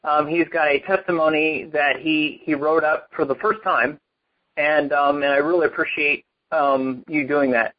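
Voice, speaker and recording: A man with a somewhat high voice reads a testimony aloud at a church service, his delivery earnest and halting. The recording is muffled and lo-fi, with the top end dulled. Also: steady tone. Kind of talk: reading a written testimony aloud at a church gathering.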